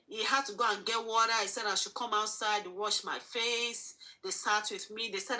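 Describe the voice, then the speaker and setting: A woman talks as an interview guest. Her voice sits high and sounds clear and bright. She speaks earnestly and haltingly, circling back over her own phrases. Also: low-quality recording. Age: 40s. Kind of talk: emotional personal testimony.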